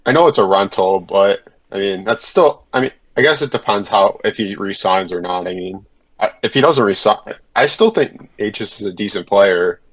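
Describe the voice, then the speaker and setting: A man's voice: fairly low pitch, animated, moderate pace, a bit bright, low-quality recording. A man chatting casually on a podcast, laid-back and hedging his points. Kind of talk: casual hockey chat.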